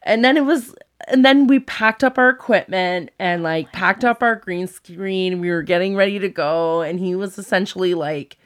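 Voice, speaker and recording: A woman in her thirties tells a story from her TV days in relaxed conversation. Her voice sits a little low, and she laughs often and acts out the lines of the people in it. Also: moderate pace. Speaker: guest, former TV presenter. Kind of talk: casual storytelling chat.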